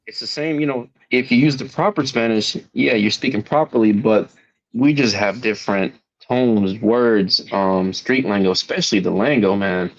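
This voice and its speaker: A man's voice: on the low side, moderate pace. A man calling into a stream panel, chatting casually in a reflective, meandering way and often saying "man". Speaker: caller on panel. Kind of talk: casual call-in chat. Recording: dull lo-fi call-in audio.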